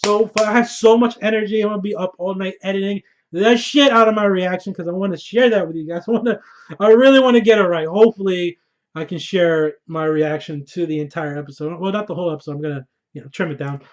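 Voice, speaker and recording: A young man giving a casual, excited TV episode review, full of slang and cheerful swearing. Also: high-pitched, fast talker. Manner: hyped, slangy, swears freely. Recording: dull lo-fi recording.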